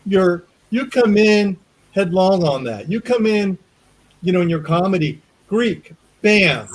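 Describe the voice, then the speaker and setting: A man's voice: high-pitched, animated, unhurried, low-quality recording. A man hosting an interview show, asking friendly, rambling questions full of fillers. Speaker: show host. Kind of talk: casual interview chat.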